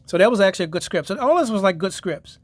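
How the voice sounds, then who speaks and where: Brief: man, higher voice, rambling and profane, dry close mic. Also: lively intonation, fast talker, no echo. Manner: profane, rambling retelling of episodes. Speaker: collector reviewing his DVD collection. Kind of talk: casual video review.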